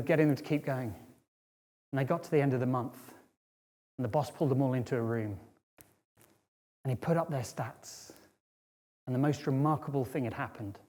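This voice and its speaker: Lively man telling a story on stage. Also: on the high side. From Britain. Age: middle-aged. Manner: lively, conversational, checks in with "right?" and "okay?". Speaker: speaker. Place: auditorium stage.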